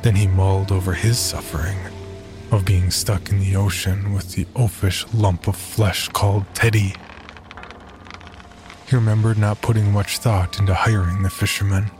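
A man giving scripted narration of a horror story in a measured, even way. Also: low voice. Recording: narration over loud music.

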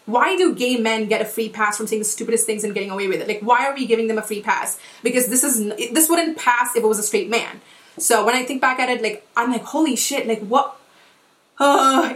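A young woman talks quickly and casually on her podcast, rambling through a personal story with plenty of swearing and restarts. Her voice sits fairly high, and the room has a noticeable echo. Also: a bit bright. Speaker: podcast host.

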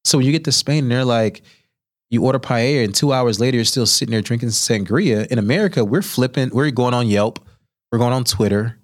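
A man's voice: mid-range voice, brisk. A man, a chef and interview guest, telling stories in a podcast studio and acting out the people he quotes. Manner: animated storyteller who acts out quoted voices. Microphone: studio microphone.

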